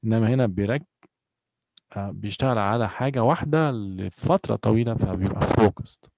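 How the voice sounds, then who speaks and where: Gravelly teacher explaining patiently. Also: male voice, on the low side, background noise. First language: Arabic. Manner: patient, explains slowly, repeats words. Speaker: English teacher. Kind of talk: bilingual classroom lesson.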